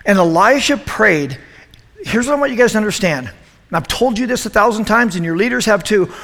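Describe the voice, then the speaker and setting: Youth pastor, man, high voice, animated and joking, preaching in an echoey hall. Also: a little fast, vocal fry. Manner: animated, joking, asks the room questions. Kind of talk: youth group sermon.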